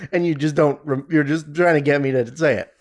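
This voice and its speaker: A man co-hosting a casual comedy podcast, delivering edgy jokes deadpan with slow, drawn-out setups. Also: a little high. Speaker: podcast co-host.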